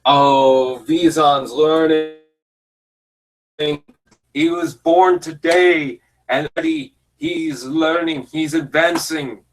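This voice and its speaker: A man's voice: fairly high pitch, expressive, slow, poor audio. A man giving casual, jokey commentary over a fan film, rambling and self-deprecating. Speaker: YouTube commentator.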